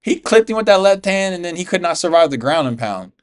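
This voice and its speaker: A man's voice: sits high, big pitch swings, brisk, clear, resonant tone. A man from the US, an MMA YouTuber, giving casual fight reaction commentary in slangy, profane talk, calling everyone "bro.".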